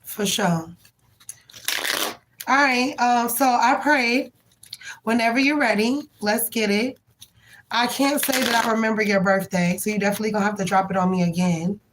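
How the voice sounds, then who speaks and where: A woman's voice: on the high side, fairly even intonation, normal speed, long pauses. Female tarot streamer, casual and affectionate, faint background noise. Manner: chatty, affectionate, slangy; rhythmic chanted prayer. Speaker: tarot reader hosting a live stream. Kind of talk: casual live-stream chat with viewers.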